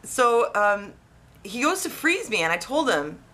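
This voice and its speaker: A woman casually telling a personal story, rambling and animated with lots of restarts. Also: a little high, a little slow. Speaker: vlogger.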